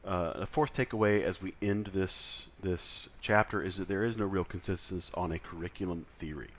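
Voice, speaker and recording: A man's voice: sits low, normal speed. A man lecturing in a conversational way, with frequent fillers and self-corrections. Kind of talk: recorded lecture.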